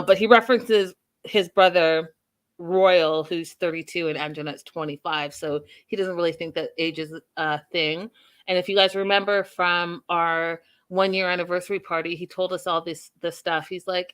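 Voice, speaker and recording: A woman's voice: lowish voice, fairly bright tone, smooth. A woman hosting a casual live recap show and talking straight to her viewers and their chat comments. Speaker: host.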